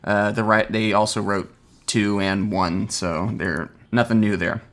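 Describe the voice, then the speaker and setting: A man's voice: lowish voice, steady tone, unhurried, a bit bright. A man hosting a movie review podcast, reading a scripted intro and cast list and laughing easily with his co-hosts. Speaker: podcast host.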